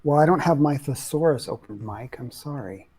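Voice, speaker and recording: Mellow, laid-back middle-aged man. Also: mid-range voice, expressive, normal speed. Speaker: co-host. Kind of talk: casual livestream chat.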